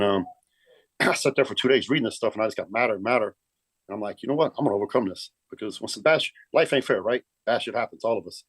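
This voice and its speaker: A middle-aged man tells a long story fast, in a lowish voice. He swears freely and drops "man" everywhere. The sound is dry and close. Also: breathy edge, dry recording. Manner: profane, keeps saying man. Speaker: guest, pro bodybuilder. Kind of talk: casual storytelling.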